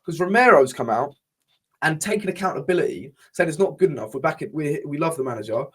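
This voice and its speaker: Young guy venting on a podcast, swears a lot, bit high voice, trips over his words. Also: animated, quick pace, fairly bright tone, breathy edge. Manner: passionate and frustrated, swears freely, rambling restarts. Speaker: podcast co-host. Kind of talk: casual chat.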